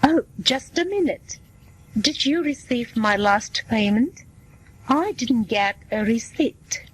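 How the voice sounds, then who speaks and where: A woman's voice: a little high, animated, breathy edge, exaggerated voice, low-quality recording. A woman reading as a patient booking a visit. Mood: plain. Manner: slow, plain reading voice. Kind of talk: scripted dialogue for learners.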